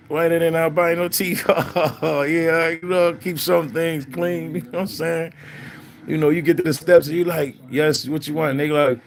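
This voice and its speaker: A man's voice: fairly low pitch, fairly bright tone. An older man hosting a casual livestream chat, talking to viewers in a laid-back, rambling way with lots of fillers. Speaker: livestream host.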